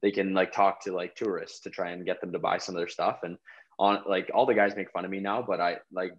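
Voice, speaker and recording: A man's voice: deep voice, steady tone, fairly quick, dull audio. A young man, a pro hockey player, chatting as a guest on a remote call, rambling with lots of "like" fillers. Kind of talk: casual interview chat.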